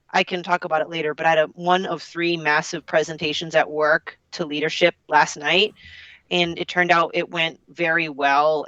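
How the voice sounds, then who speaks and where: A woman's voice: low voice, a bit bright, no echo, highs cut off. A woman co-hosting a casual podcast, a bit under the weather, chatting in a loose, rambling way and laughing easily. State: a bit sick. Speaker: podcast co-host.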